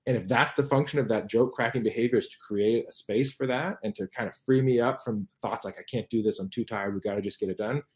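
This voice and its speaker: A man's voice: mid-range voice, fast, few pauses. A middle-aged man, a guest expert in an interview, explaining carefully with frequent restarts and fillers.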